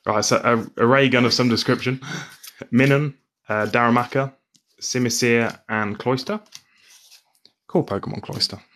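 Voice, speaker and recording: A man's voice: mid-range voice, fairly even intonation, moderate pace, long pauses, fairly bright tone. A young man hosting a live stream, steadily calling out card names as he opens packs and chatting with his co-hosts. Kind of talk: live-stream pack opening chat.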